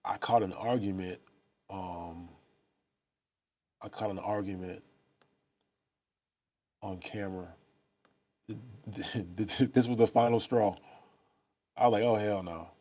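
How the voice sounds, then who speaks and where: Laid-back man with a dark low voice. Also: steady tone, takes it slowly, long pauses. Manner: loose, profane, talks straight to viewers. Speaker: vlogger on a live stream. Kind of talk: casual live-stream chat. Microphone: laptop or phone mic.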